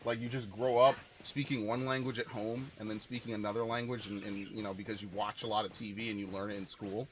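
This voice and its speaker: A man's voice: lowish voice, flat delivery, quick pace, few pauses, noisy background. A young man rambling casually over gameplay, chatty and swearing offhand. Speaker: gaming channel host.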